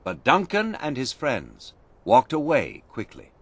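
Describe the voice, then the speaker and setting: A man narrating a storybook in a slow, expressive reading. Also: medium pitch, no room sound.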